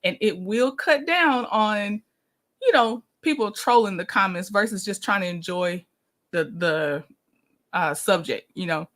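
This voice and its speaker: A woman's voice: medium pitch, measured pace, a bit bright. A woman hosting a casual livestream, greeting viewers by name and laughing often. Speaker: livestream host.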